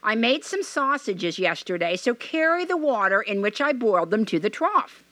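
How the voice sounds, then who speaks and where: A woman playing a calm old grandmother. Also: on the high side, normal speed, no room sound. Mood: practical.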